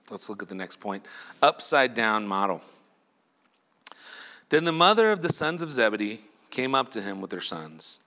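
A male pastor giving a lively sermon who acts out imagined dialogue between the people in his story. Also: medium pitch. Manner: animated preaching, acting out imagined dialogue.

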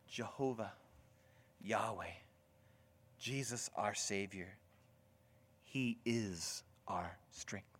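Slow, deliberate male preacher. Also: mid-range voice. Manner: deliberate, dramatic swings from loud to whispered. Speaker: pastor. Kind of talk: sermon.

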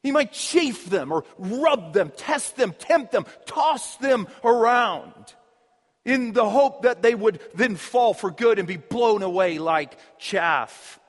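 A man's voice: high voice, lively intonation, slow pace, in a large hall. A man preaching a sermon as pastor, earnest and explanatory, with emphatic repetition. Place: church.

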